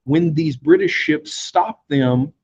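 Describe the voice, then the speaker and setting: Speaking slowly in a slightly high, mellow voice with a breathy edge, a man gives a conversational history lecture full of fillers and short acted quotes. The recording's high frequencies are cut off.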